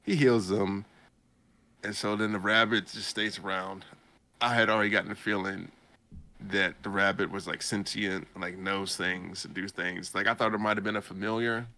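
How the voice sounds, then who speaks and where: A young man hosting a podcast casually recaps a story, rambling and laughing as he tells it. His voice is on the low side and pushed and bright, with a steady tone and normal speed.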